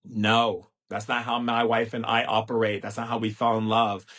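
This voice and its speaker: A man's voice: fairly low pitch, level tone, normal speed, fairly bright tone. A middle-aged man talking on a live stream in a sassy, playful way, teasing his listeners with endearments and mimicking stiff, droning speakers. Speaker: spiritual teacher hosting a live stream. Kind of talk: casual live-stream monologue.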